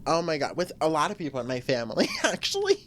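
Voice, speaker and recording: A woman's voice: sits low, rapid-fire. A woman hosting a podcast on her own, venting in a blunt, profane, emphatic way. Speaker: podcast host. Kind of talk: casual solo podcast venting.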